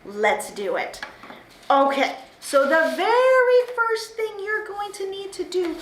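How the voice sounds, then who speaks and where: A woman librarian with a high, bouncy voice leads children through a craft, taking her time over each step. Her cheerful, sing-song delivery is made for small kids. The sound carries a roomy echo, with a faint hiss underneath. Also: big pitch swings, slow. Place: library room.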